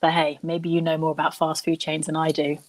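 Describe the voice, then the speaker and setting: A woman's voice: low-pitched, level tone. Chatty woman hosting a quiz. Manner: chatty, thinks out loud, reads questions slowly then repeats them. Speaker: quiz host. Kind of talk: hosting a live online quiz.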